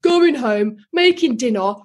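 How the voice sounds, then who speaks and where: Lively high-voiced young Englishwoman. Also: unhurried. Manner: lively, laughing, swears casually. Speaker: guest property investor. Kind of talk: casual podcast chat.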